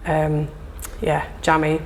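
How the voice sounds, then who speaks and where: Chatty woman explaining whisky, low-pitched. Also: monotone, slow pace, slight background noise. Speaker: whisky brand representative. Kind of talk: casual conversational interview.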